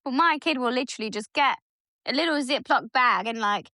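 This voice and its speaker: A woman tells family stories at a quick clip, her voice sitting a little high. She slips into the lines of the people in her stories as she goes. The sound is close and dry, with no room around it. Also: no echo. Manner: animated storytelling, acts out her son's lines. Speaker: podcast co-host. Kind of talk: casual chat.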